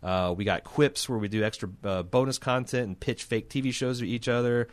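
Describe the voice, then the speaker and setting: A man's voice: medium pitch, steady tone, brisk, no room sound. A man hosting a TV recap podcast, chatting casually in a rambling way with restarts. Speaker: podcast host.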